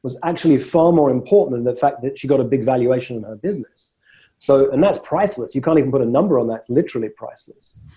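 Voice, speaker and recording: Emphatic male coach with a very bright voice. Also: medium pitch, fast. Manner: emphatic, repeats words when starting phrases. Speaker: coach and host. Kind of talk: live coaching call.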